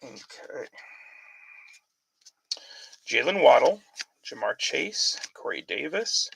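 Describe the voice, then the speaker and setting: A man's voice: mid-range voice, sing-song, takes it slowly, gravelly, a bit bright, a little hiss or hum, low-quality recording. A man hosting a casual card break, calling out player names and rambling about football news with plenty of fillers. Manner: chatty, rambling sports talk with fillers.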